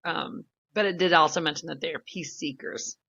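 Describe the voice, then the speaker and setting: A woman co-hosting a podcast in casual chat, talkative and quick to laugh. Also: low-pitched, creaky, fairly bright tone, breathy edge, dull audio. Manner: chatty, laughs often, retells stories with quoted voices. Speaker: podcast co-host.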